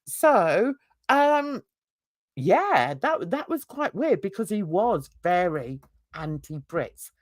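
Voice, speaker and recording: A woman's voice: mid-range voice, sing-song, slow, no echo, studio quality. A woman from Britain co-hosting a casual livestream chat, chatty, laughing often and greeting viewers. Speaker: livestream co-host.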